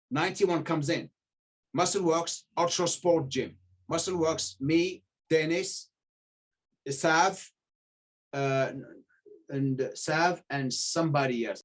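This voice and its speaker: A middle-aged man telling stories in casual chat, animated, acting out the voices of the people he quotes and swearing freely. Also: a little high, breathy edge. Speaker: podcast guest telling stories.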